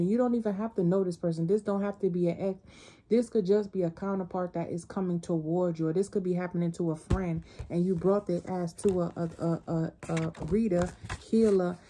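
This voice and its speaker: A woman's voice: on the low side, mellow. A woman giving a casual spiritual tarot reading, talking bluntly and profanely in a loose, rambling way. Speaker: tarot reader.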